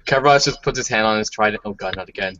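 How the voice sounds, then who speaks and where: A man playing a character in a tabletop game, teasing and deadpan. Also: lowish voice, quick pace, slight background noise. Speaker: player. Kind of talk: casual tabletop play. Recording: dry, dull lo-fi sound.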